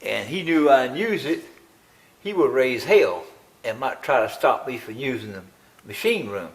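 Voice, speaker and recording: A man's voice: mid-range voice, very animated, a little slow, slightly rough, poor audio. An older man, talking through a tractor build in his machine shop in a rambling, grumbling way. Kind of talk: casual workshop vlog.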